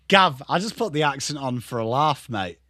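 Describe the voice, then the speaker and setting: Bright-voiced male watchalong host. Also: medium pitch, no room sound, studio quality. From Australia. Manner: chatty, greets chat viewers by name, bursts into quick play calls. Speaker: live stream host. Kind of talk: casual live watchalong commentary.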